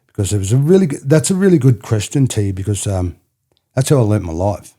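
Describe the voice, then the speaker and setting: In a storytelling interview, an Australian podcast guest from New South Wales rambles and repeats himself, frequently checking in with "you know what I mean". His fairly low, mellow voice swings widely in pitch and runs a little fast.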